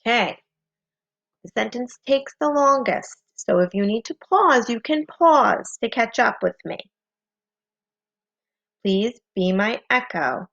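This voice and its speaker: A woman's voice: fairly high pitch, creaky, fairly bright tone. A woman teaching a phonics lesson, patient and encouraging, spelling out letters one by one. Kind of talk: slow, clearly paced phonics lesson. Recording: slightly dull lo-fi home recording.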